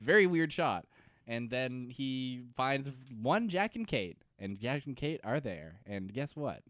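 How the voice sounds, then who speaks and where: A man's voice: medium pitch, sing-song, measured pace, fairly bright tone. A man co-hosting a podcast, chatting casually and jokingly about a TV show, drifting off on tangents. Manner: joking, rambling, goes off on tangents. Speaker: podcast co-host. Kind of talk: casual chat recapping a TV show.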